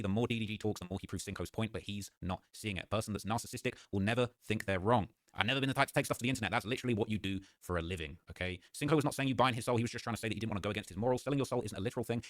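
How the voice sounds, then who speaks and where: A man hosting a podcast, recapping clips in fast, animated commentary and dropping "okay" and "so look" between points. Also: on the low side, dry recording, studio quality.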